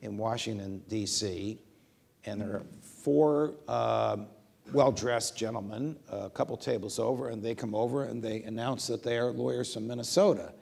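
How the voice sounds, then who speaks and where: Gravelly-voiced man in a measured interview. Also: on the low side. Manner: measured, frequent "uh" pauses, animated when telling stories. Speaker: guest legal commentator. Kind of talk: conversational interview, anecdotes. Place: stage at a university event.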